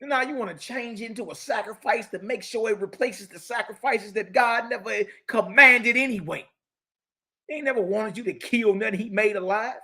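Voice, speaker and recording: A man's voice: high voice, normal speed. A man giving a mocking, slangy religious lecture, reading passages from a book aloud and riffing on them. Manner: mocking, preachy, slangy and lively, reads passages aloud then riffs. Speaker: teacher.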